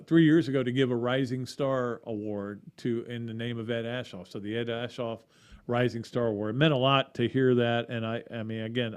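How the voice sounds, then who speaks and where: A man's voice: mid-range voice, darkish tone. A middle-aged man hosting a casual sports podcast, talking in a chatty, rambling way with restarts and asides. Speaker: podcast host.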